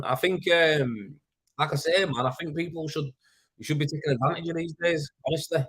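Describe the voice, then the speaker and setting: A Yorkshire-accented man hosts a casual livestream, reading out viewer comments in a rambling, chatty way full of fillers and swearing. His voice is a little high, fairly quick, slightly bright and husky. The audio from his plugged-in desk mic is poor.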